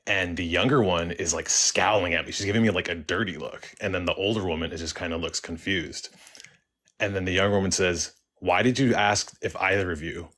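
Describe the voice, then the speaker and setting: Man, young adult, caller telling a story, deep voice, halting, many fillers and restarts. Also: steady tone, fairly bright tone. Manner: halting, full of likes and ums, restarts often. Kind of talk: casual first-person storytelling.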